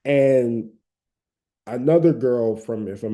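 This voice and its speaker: A man's voice: mid-range voice, measured pace, warm tone. A man from Atlanta with a Southern accent, giving casual, conversational advice about recovering from a habit, with many fillers and hedges. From Atlanta, Georgia.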